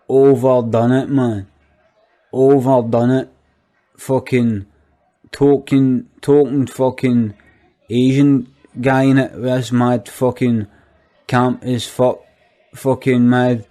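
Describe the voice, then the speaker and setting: A man's voice: mid-range voice, mellow, lightly acted. A man doing a sweary Glaswegian chancer. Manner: rambling, swears constantly, repetitive. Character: foul-mouthed skint young Glasgow man, incredulous. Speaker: comic monologue character. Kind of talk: sweary comic rant.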